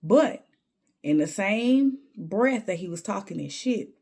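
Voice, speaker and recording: A woman's voice: medium pitch, lively intonation, slow, warm tone, slightly rough. A woman vlogger telling a candid story in an emphatic way, repeating words when she gets worked up.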